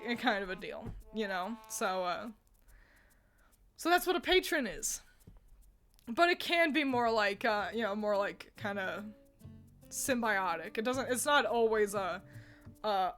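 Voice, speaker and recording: A woman's voice: a little high, a little slow, fairly bright tone, faint music behind. Giggly, rambling woman streamer. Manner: rambling and giggly, laughs often between thoughts. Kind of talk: casual livestream chat answering viewers.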